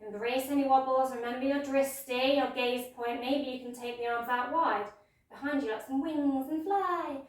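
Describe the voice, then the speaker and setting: Woman yoga teacher, playful gentle cueing, higher voice, very echoey room, mic set back. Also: fairly even intonation, normal speed, distant mic. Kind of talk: guided yoga class instruction.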